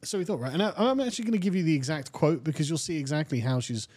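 British man, slightly high, chatting easily. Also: racing, slightly rough. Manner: relaxed, conversational, quotes texts at length. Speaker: guest. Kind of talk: casual political chat.

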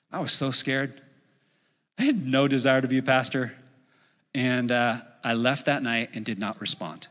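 A middle-aged man preaching a sermon as a pastor, telling a story in an animated way and acting out his own inner voice. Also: medium pitch, moderate pace. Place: church sanctuary. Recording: long hall reverb.

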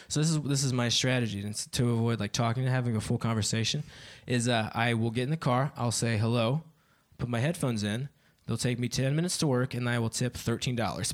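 A man's voice: medium pitch, fairly bright tone. A young man doing a stand-up comedy set on a club stage, swearing freely and laughing at his own jokes.

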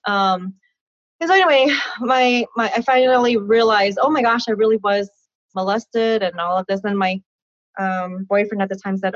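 In a voice on the high side and at a moderate pace, this interview guest, a woman in her thirties, shares her personal story frankly and with animation, laughing and acting out conversations. The recording is dull, dry and lo-fi, with no room sound.

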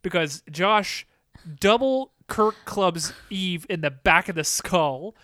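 A man's voice: sits high, lively intonation, slow, bright, forceful tone, no echo, studio quality. Chatty male podcast co-host. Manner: chatty, rambling recaps with fillers. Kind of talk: casual chat.

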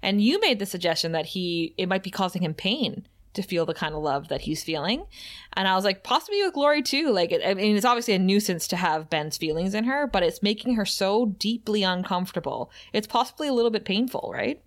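A woman co-hosts a casual podcast recap, talking through scenes in an easy, chatty way. Laughter keeps breaking into her sentences. Her voice sits at an ordinary middle pitch. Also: lively intonation, fairly quick. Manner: giggly, laughs often while talking. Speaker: podcast co-host.

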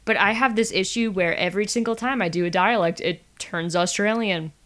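A woman's voice: medium pitch, brisk, fairly bright tone. A woman guesting on a podcast in casual chat, playful and self-deprecating, laughing often.

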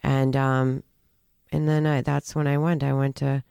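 A woman shares her own story in conversation, earnest and halting, often restarting her sentences. Her voice is smooth and resonant. The sound is dry and close. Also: very deep voice, level tone, warm tone, no room sound. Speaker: guest telling her recovery story.

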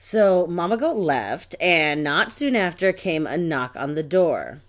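A woman's voice: fairly low pitch, expressive, measured pace. A woman co-hosting a podcast, casually retelling a fairy tale with jokes and asides. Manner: laid-back, joking, reads story lines aloud. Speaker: podcast co-host.

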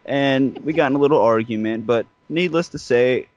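A man's voice: medium pitch, normal speed, lo-fi sound. A man co-hosting a podcast, telling a rambling, vulgar story in casual chat and acting out the people in it. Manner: rambling, vulgar, acts out quoted voices. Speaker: podcast co-host.

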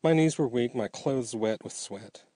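A man reading a story aloud in a dramatic, measured way. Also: medium pitch, warm tone, no echo. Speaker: narrator. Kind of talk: audiobook storytelling.

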